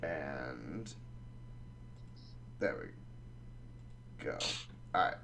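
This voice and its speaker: A man running a tabletop game as dungeon master, narrating combat in a relaxed, halting way. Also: rumbling low, background noise.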